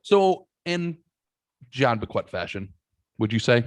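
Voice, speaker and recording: A man's voice: mid-range voice, sing-song, slow pace, no echo. A man co-hosting a podcast, rambling through a story in a casual, self-deprecating way. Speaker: podcast co-host. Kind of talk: casual chat.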